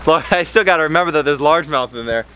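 Excitable man vlogging outdoors. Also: fast, a little hiss or hum. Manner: excitable, talks to his fish in a high baby voice. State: in pain from a cut. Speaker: fishing vlogger. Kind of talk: casual vlog to camera. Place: outdoors by a backyard pond.

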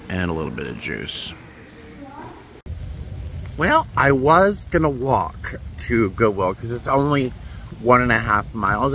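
A man's voice: medium pitch, a bit bright, a little hiss or hum. A man in a casual vlog, chatting to the camera in a rambling, self-deprecating way from a hotel room. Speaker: flight attendant vlogger.

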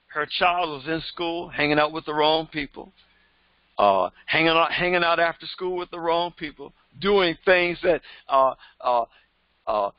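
A man's voice: a little high, no echo, dull audio. A man preaching as a pastor, emphatic and repetitive in his delivery. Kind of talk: sermon.

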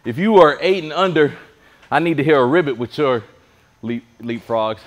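A man's voice: on the high side, normal speed. A man leading a virtual PE class, joking and bantering with his co-coach while calling out exercises. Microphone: clip-on mic pack.

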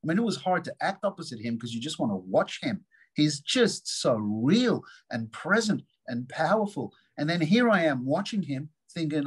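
A man, an actor guest in a casual interview, telling lively stories and acting out the lines of other people. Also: a little high, normal speed, breathy edge, rough recording. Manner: animated storyteller, acts out quotes.

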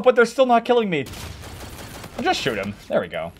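A man commentating a shooter game with a lively voice that rises and drops a lot. He jokes around, rambles and shouts out suddenly when things go wrong, with some faint noise behind him. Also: sits high, measured pace, long pauses. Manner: excitable, joking, sudden shouts. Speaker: gaming video creator. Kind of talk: gameplay commentary.

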